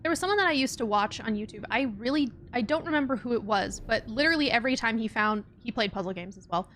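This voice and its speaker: A woman's voice: fairly high pitch, expressive, quick pace, a bit bright, a little hiss or hum. A young woman streaming a puzzle game, chatting in a rambling way and laughing often. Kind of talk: casual let's-play chat.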